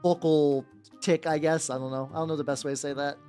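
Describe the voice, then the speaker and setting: A man with a higher-register voice streaming as he paints miniatures, chatting casually with viewers and rambling with lots of "like" and restarts. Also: fairly even intonation, brisk, dark tone, soft background music. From United States. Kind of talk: casual livestream chat.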